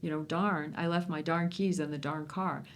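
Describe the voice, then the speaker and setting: A woman's voice: deep voice, fairly even intonation, moderate pace. A woman linguist, a guest on an interview, explaining ideas through examples in a thoughtful way.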